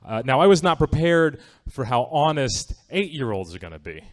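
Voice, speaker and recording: Wry male stand-up comic, mid-pitched voice. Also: very animated, moderate pace. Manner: conversational, wry, asks the audience "right?". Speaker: stand-up comedian. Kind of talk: stand-up comedy set. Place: comedy theatre stage.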